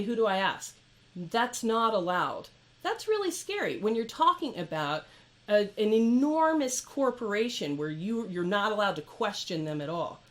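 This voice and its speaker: A woman who runs a repair shop, ranting to camera in an exasperated, incredulous way. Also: mid-range voice. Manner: exasperated, incredulous, lively with laughs. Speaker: repair shop owner and channel host.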